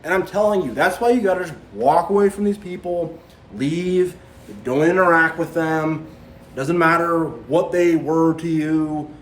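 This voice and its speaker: A man's voice: a little high, a little slow, slight background noise. Preachy man in an echoey room. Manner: preachy, repetitive, mocks others in quoted voices. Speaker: spiritual vlogger. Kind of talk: impassioned monologue to camera.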